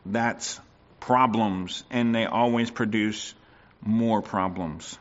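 A man's voice: on the low side, steady tone, takes it slowly, highs cut off. A man preaching a sermon to a congregation, often asking them for agreement and acting out quoted voices.

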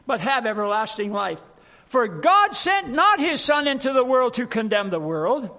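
A man preaching a sermon, reading scripture slowly and emphatically and asking rhetorical questions. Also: very high-pitched, bright, forceful tone. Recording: dull reverberant hall recording.

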